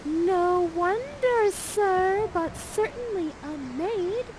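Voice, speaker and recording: A woman's voice: extremely high pitch, lively intonation, very slow, background noise, voice pushed up, exaggerated voice. A woman voicing Miranda, a lovestruck young girl who gushes in a squealing, swooning voice.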